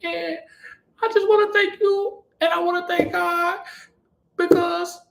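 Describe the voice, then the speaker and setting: A man voicing a tearful, grateful young woman who just got hired, in a high crying falsetto. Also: flat delivery, a little slow, vocal fry, fairly bright tone, exaggerated voice. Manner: crying falsetto, breathless thanks. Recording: roomy echo.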